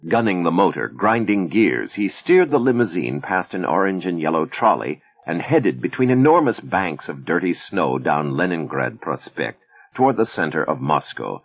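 A man narrating an audiobook in a measured, expressive storytelling manner. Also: low voice, husky, dull audio.

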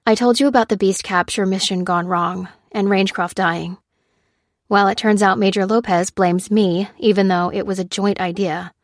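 A weary young survivor , as a woman narrator reads her, speaks plainly and bluntly. Her voice sits at a middle pitch. The recording is close and dry. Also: dry recording, close to an everyday voice. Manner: blunt and dry, sober when confiding. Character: guilt-ridden young woman survivor writing a journal.

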